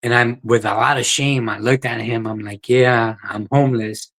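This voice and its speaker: A man's voice: mid-range voice, steady tone, normal speed, fairly bright tone, low-quality recording. A man, a podcast guest telling his life story in a plain-spoken, earnest way. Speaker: guest, ultra runner. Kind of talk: podcast interview, personal story.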